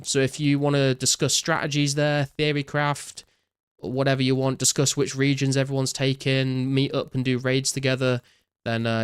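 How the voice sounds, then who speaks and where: Smooth-voiced young man streaming a game. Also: mid-range voice, no echo. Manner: relaxed, reads out chat messages and answers viewers with many fillers. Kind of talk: casual live-stream chat while gaming.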